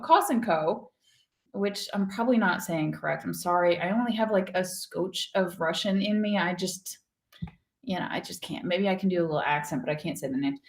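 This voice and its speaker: A woman hosting a casual online show, chatting through odd news stories with lively, joking asides. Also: sits high. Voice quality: animated, chatty, quick to laugh. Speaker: show host. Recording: roomy echo.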